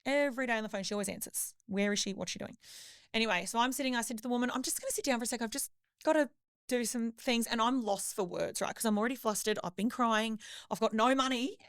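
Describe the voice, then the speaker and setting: Woman, podcast co-host, animated storytelling, smooth voice, dry close sound. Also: on the high side, fast, no echo. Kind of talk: casual storytelling chat.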